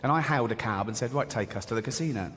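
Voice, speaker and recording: A man delivers stand-up comedy in a big hall, his voice carrying a long echo. He talks in a chatty, mocking way and keeps laughing at his own lines, with audience noise clearly heard behind him. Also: medium pitch, very fast. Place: large theatre with live audience.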